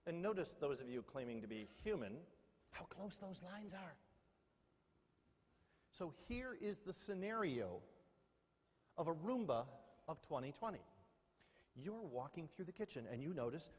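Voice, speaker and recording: A man's voice: fairly high pitch, sing-song, unhurried, pauses often, husky. A middle-aged man giving a humorous keynote talk, joking and quizzing his audience with questions. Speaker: keynote speaker. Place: large lecture hall. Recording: long hall reverb.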